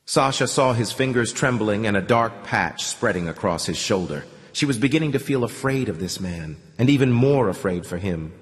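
A man's voice: lowish voice, expressive, moderate pace, few pauses. Man narrating an audiobook, long reverb. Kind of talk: scripted narration.

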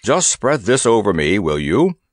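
A man voicing a pompous, grumpy male elephant in a storybook, with a gruff, sarcastic, grumbling manner. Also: fairly low pitch, big pitch swings, measured pace, no room sound, studio quality, heavily acted. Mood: anxious. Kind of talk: audiobook character voice.

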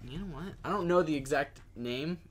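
A young man co-hosting a casual podcast, easygoing and quick to agree. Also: fairly high pitch, a crowd in the background. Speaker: co-host.

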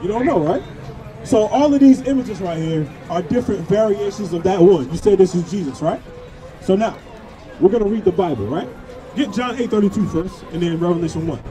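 A man street preaching outdoors at a parade. He presses passers-by with repeated questions and sometimes shouts. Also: sits high, animated, moderate pace, pauses often. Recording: outdoor street noise, crowd and music. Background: parade crowd and music.

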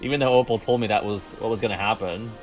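A man's voice: lowish voice, fast, faint music behind. A man streaming video games, chatting casually with his viewers, joking and swearing freely. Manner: joking, profane, talks to chat. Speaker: gaming streamer. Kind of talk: casual gaming stream chat.

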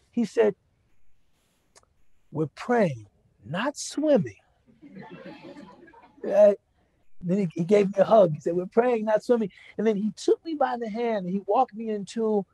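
This Islamic speaker has a high-sitting, creaky voice that's warm and husky, with no echo. He recounts a personal story in a conversational lecture, frequently checking in with "right?" and "you know," clearly moved to emotion.

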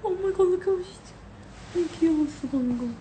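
A young woman with a high voice talks fast, bubbly and gushing, though tired. She chats casually from home into a phone, with a faint hum of the room behind her. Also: dark tone. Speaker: livestream co-host. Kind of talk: casual chat.

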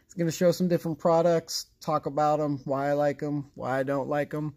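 A man's voice: on the high side, flat delivery, a little fast, a little mellow. A man hosting a casual card-opening vlog, chatty and rambling, with a sarcastic streak. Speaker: card collecting channel host.

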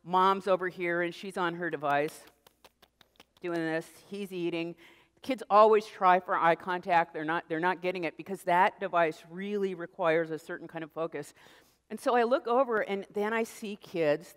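A middle-aged American woman giving a lively public lecture, telling stories and acting out little voices. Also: fairly low pitch, normal speed, smooth. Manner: animated storytelling, acts out voices. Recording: reverberant lecture hall.

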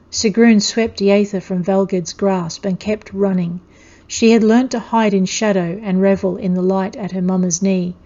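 A woman author reading her own fantasy story aloud in a measured, steady storytelling manner. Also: medium pitch, dull audio. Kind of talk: scripted fantasy narration.

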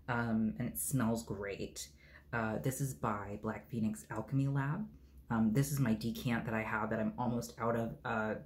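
A man with a lowish voice casually reviews his favorite bath products, rambling with plenty of ums and uhs. He's laid-back and throws in joking asides. There's slight background noise.

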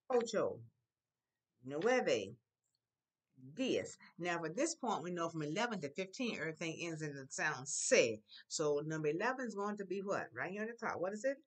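A woman with a slightly low voice leads a lively classroom lesson. She draws out each word slowly and clearly for her pupils and keeps coaxing them to repeat after her. Her tone is steady and encouraging, in a school classroom. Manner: slow, exaggerated pronunciation of Spanish words for pupils to repeat; encouraging, prompting the class often. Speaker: Spanish teacher.

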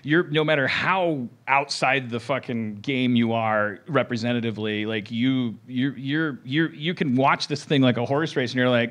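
A man hosting a podcast, talking in a rambling, animated way, restarting sentences and swearing. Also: medium pitch, moderate pace, few pauses. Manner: rambling, restarts often, swears, acts out quotes. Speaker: podcast host. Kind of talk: rambling comedic podcast talk.

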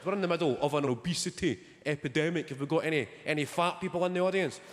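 A stand-up comedian performs a set on a theatre stage before a live audience, telling stories in a dry, sardonic way. His voice is fairly high and he talks fast. The recording is very noisy, made in a large hall full of loud audience laughter.

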